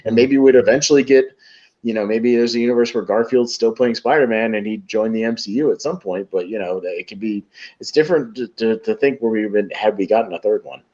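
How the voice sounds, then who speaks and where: A man hosting a casual podcast chat, talking in an excitable, rambling way full of fillers. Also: lowish voice, quick pace. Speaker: podcast host. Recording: dull lo-fi recording.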